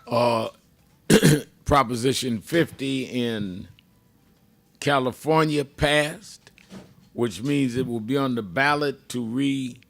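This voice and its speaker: An older man hosting a radio talk show with a slow, emphatic, measured delivery. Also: mid-range voice, vocal fry, a bit bright.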